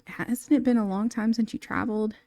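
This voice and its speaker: Game narration: a woman doing a sassy, cheerleading best friend, mellow tone, dry close sound. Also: on the high side, fairly even intonation, a little fast, no room sound, natural voice. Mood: encouraging. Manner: encouraging, sassy. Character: supportive, upbeat best friend, adult woman.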